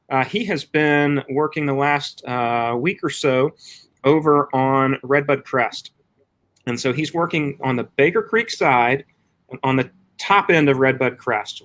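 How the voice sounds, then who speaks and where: A man giving a casual trail club meeting update over a video call, talking in a halting way with many fillers. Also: mid-range voice, fairly bright tone, smooth. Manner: halting, filler-heavy delivery. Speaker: trail club staff host.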